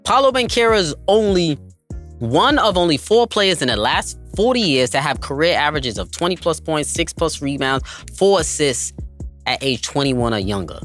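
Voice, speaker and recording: A man's voice: fairly high pitch, expressive, moderate pace, a bit bright, soft background music. Hyped male basketball podcast host. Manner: hyped, emphatic, addresses listeners as family. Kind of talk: enthusiastic basketball commentary.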